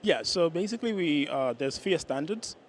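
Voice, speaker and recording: A startup founder explaining his product to a panel in a quick, explanatory way. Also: a little high, animated, slight background noise. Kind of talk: panel answer.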